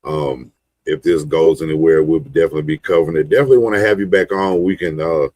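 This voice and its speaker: A man's voice: a bass voice, steady tone, quick pace, a little mellow, no echo. A man hosting a podcast, wrapping up an interview in an easygoing, stumbling way. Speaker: podcast host. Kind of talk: casual podcast wrap-up.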